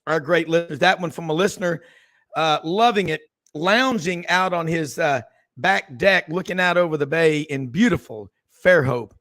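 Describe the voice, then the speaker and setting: A man hosting a sports radio talk show, folksy and excitable, exclaiming often in casual chat. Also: fairly high pitch, normal speed.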